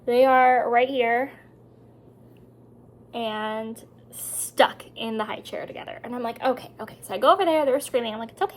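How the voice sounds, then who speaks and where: A woman's voice: on the high side, a little hiss or hum. A woman in her thirties telling a story in casual chat to the camera at home, often dropping into whispers. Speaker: vlogger. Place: home indoors.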